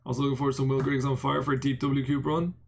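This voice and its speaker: A man's voice: mid-range voice, flat delivery, racing, gravelly, a little mellow, a little hiss or hum. A man with an Irish accent giving casual live-stream poker commentary, bantering and answering chat with self-mocking jokes and the odd swear word. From Ireland.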